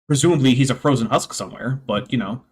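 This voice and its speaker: A man's voice: mid-range voice, fast talker, slightly rough. A man hosting a reaction stream, talking in a rambling, casual way with lots of fillers and sarcastic asides. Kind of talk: casual chat.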